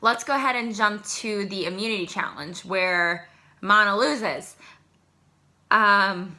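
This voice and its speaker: A young adult woman casually recapping a reality show to camera in an excitable, chatty way. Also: mid-range voice, slow. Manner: chatty, excitable, animated asides. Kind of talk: casual chat.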